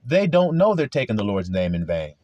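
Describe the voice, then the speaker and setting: A man's voice: lowish voice, very animated, fairly quick, dark tone, highs cut off. A man preaching an informal sermon, confrontational and full of rhetorical questions, with coarse language.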